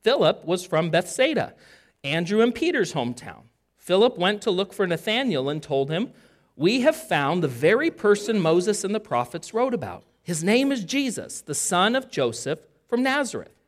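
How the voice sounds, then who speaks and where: A preacher delivering a sermon in an easy, conversational way, stopping to ask the listeners questions. The scripture is read aloud with a voice that rises and falls freely. The pitch sits mostly in the middle. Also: big pitch swings, normal speed. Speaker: pastor.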